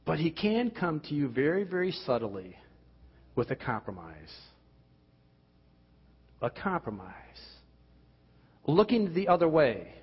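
A man preaching a sermon, asking emphatic rhetorical questions and dropping at times to quiet, intense tones. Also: very animated, measured pace, pauses often, breathy edge. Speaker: pastor. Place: church. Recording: dull, boomy hall sound.

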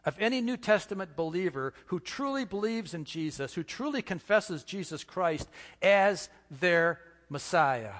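A man preaching a sermon as pastor, earnest, with slow emphatic pauses and repeated phrases. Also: high voice, lively intonation, fairly bright tone, in a large hall.

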